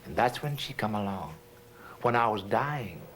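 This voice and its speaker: A man performing a rhythmic, rhyming story, swooping between soft and loud in a sing-song way. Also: on the low side, expressive, moderate pace, heavy background noise.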